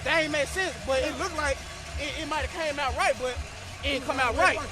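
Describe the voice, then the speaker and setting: A young man, a college football player, hyping up the camera with loud, slangy talk while cold outdoors at a football field. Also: extremely high pitch, a little fast, music in the background, crowd noise. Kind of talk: hyped-up joking to camera.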